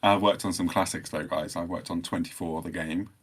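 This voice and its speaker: A man's voice: deep voice, fairly even intonation, fairly quick, husky. A man hosting a podcast, chatting in an easygoing, self-deprecating way. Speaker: podcast host. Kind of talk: casual chat.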